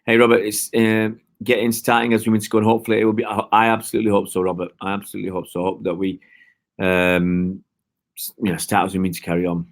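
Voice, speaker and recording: A man's voice: fairly low pitch, level tone, quick pace. A middle-aged man from Oldham, hosting a live football fan stream, rambling and reading out viewer comments. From Oldham, England. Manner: rambling, reads out viewer comments, many restarts. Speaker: fan channel host. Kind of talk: live stream chat with fans.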